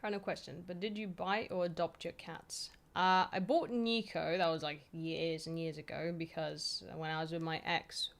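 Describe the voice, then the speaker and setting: A woman's voice: low voice, steady tone, normal speed, few pauses. A woman from Poland streaming from home, chatting loosely with her viewers, full of fillers, swearing and easy laughs. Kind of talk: casual chat answering viewer questions.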